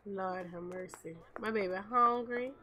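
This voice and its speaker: A woman's voice: mid-range voice, unhurried, bright, forceful tone. A young woman, chatting casually over gameplay and talking to her viewers as "y'all". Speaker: gameplay commentator. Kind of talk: casual game commentary.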